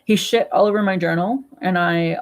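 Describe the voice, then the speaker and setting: A woman's voice: lowish voice, moderate pace, rough recording. A woman in her forties rambling at home in a casual personal vlog, blunt and swearing freely. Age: 40s. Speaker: vlogger. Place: home with pets.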